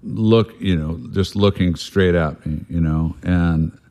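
Man, very low voice, blunt, swears freely, rambling but earnest storyteller. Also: takes it slowly, a little mellow. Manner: earnest and reflective about making amends. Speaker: guest sharing a recovery story. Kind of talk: candid conversational storytelling.

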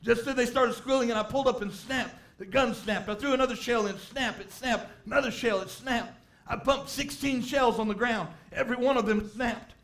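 A man preaching a sermon, telling a story and rising to shouts of emphasis. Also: extremely high pitch, moderate pace. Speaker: pastor.

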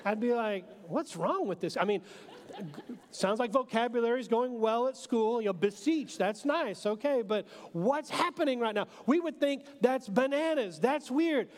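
A man in his thirties, a pastor preaching a sermon in a relaxed, joking way, full of fillers. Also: very high-pitched, normal speed. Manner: casual and joking, with many fillers. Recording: long hall reverb.

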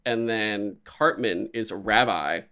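Man, casual chat, rambling, profane, animated storyteller. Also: on the low side, slow pace. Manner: rambling, profane, animated retelling with put-on voices.

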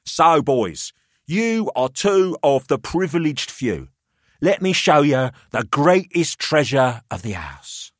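A man's voice: on the high side, sing-song, takes it slowly, a bit bright, dry recording, clean studio sound, pitched above the performer's own voice, exaggerated voice. A man voicing a pushy, jovial older male collector who talks down to two young men. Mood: showy. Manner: expansive, theatrical, patronising.

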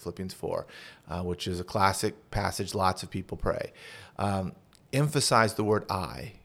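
Low-voiced pastor, earnest. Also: male voice, unhurried, vocal fry. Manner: earnest, teaching with example prayers. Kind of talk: podcast conversation.

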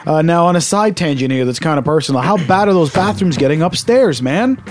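A man co-hosting a podcast, his voice sitting a little high. He talks in a loose, chatty way and swears casually. Faint music plays behind him. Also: animated, a little fast. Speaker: podcast co-host. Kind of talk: casual chat.

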